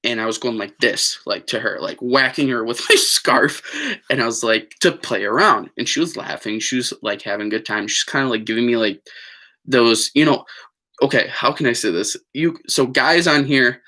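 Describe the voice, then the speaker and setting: A man's voice: mid-range voice, normal speed, sharp tone. A man telling a story on a live stream in a chatty, digressive way, with lots of fillers and apologies. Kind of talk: rambling casual storytelling.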